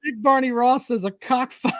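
A man's voice: high-pitched, a little mellow, dry recording, studio quality. A man hosting a casual sports chat show, reading viewer comments and joking with profanity and trash talk.

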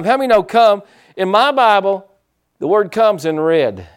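A male pastor preaching a sermon, animated, acting out quotes and calling for responses from the congregation. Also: high voice, unhurried, clean tone.

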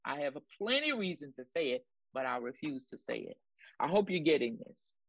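A woman co-hosts a ministry broadcast, preaching commentary with emphatic repetition and exclamations of praise as she spurs her listeners on. Her voice is low and swings widely in pitch, her delivery is brisk, and the recording is dry.

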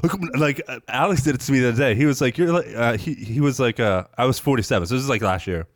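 A man's voice: medium pitch, no room sound, studio quality. A man in his thirties co-hosting a podcast in casual chat, playful and needling. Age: 30s. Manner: playful, needling and quick to laugh. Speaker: podcast co-host.

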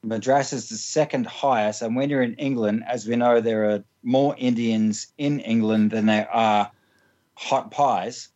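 This man, an interview guest, speaks a little slowly in a mid-range, slightly mellow voice with fairly even intonation, captured with lo-fi sound. His funny personal stories come out loose and rambling, full of laughter, restarts, and "like."

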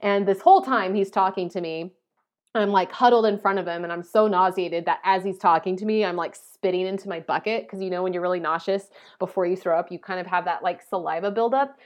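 A young adult woman vlogging, telling a personal story in a chatty, animated way and often saying "like". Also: lowish voice, brisk. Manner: animated, chatty, heavy use of "like".

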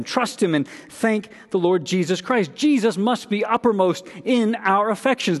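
Earnest preaching man in a reverberant hall. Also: sits high. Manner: earnest preaching, repeats key phrases for emphasis. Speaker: pastor. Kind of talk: sermon. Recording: long reverb of a large room.

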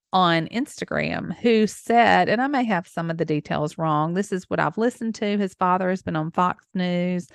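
A woman's voice: on the low side, smooth, no room sound, clean studio sound. A woman hosting a solo podcast, talking in an effusive, emotional way with small laughs. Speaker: podcast host.

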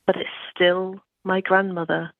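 Brief: unhurried, reflective storyteller, phone-line quality audio. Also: medium pitch, flat delivery, creaky, no echo. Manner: slow, reflective, descriptive. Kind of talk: poetic storytelling warm-up.

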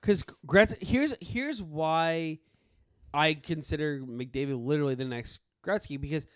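Man, casual sports talk, fairly high voice, dry close sound, eager, stumbling restarts. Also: unhurried, dry recording. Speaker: podcast co-host.

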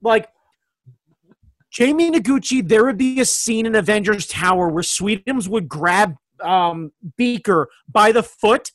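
A man in a casual comedic chat, talking excitedly and rambling, laughing often. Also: high-pitched, measured pace, dry recording.

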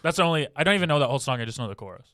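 A young man co-hosting a podcast in casual chat, dry and joking as he reads birthday shout-outs into a close mic. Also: mid-range voice, expressive, rapid-fire, no echo. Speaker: podcast co-host.

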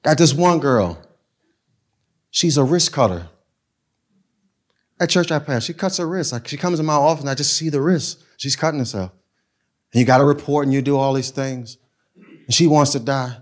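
A man, a pastor telling stories in a casual, animated way that swings between loud and soft. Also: medium pitch, normal speed, long pauses. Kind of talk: storytelling talk.

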